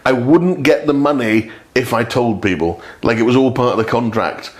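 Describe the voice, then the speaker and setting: A man's voice: medium pitch, moderate pace. A man in casual podcast chat, telling a story with lots of energy and acting out the voices of the people in it. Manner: animated, acts out voices of people in his story. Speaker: podcast guest.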